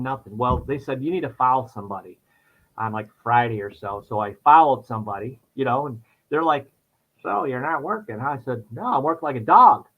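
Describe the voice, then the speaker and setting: Animated man telling a story, lo-fi sound. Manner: animated storyteller, voice jumps high when acting out his past self. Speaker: podcast guest. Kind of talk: storytelling in casual chat.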